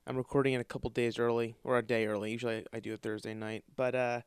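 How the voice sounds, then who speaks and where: A podcast host with a medium-pitched, clear, resonant voice talks fast but with a flat delivery, recorded at studio quality with no room sound. In a casual comedic monologue, he tells rambling, profane stories and acts out the quoted voices.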